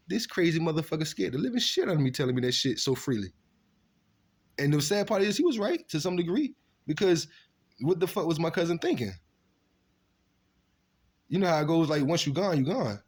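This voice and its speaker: A man casually telling stories from his past, animated and profane, acting out what people said. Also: fairly high pitch, a little fast, long pauses, slightly rough. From Virginia. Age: adult. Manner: animated, profane street storytelling with acted-out quotes. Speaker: storyteller recounting his past. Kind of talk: casual storytelling monologue.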